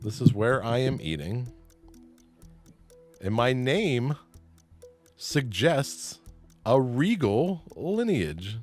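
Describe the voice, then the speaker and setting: A man's voice: mid-range voice, sing-song, drawn-out words, pauses often, soft background music. A man hosting a trivia game show, reading clues and joking playfully with the players, laughing often.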